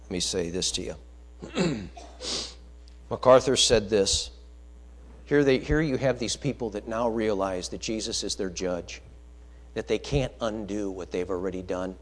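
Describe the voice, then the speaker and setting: A man preaching a sermon, emphatic, swinging between loud declarations and quiet low asides. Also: measured pace, pauses often.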